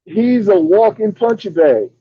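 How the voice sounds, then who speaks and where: A man's voice: high-pitched, expressive, a little slow, slightly rough, dry recording. A man giving emphatic, dismissive boxing critique as a podcast co-host. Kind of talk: casual boxing chat. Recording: dull dry lo-fi audio.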